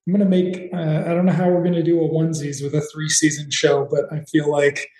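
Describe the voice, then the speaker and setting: Podcast guy recapping an old show, sarcastic and rambly, mellow tone, kinda echoey. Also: on the high side, level tone, brisk. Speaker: podcast co-host. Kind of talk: casual chat recapping a TV episode.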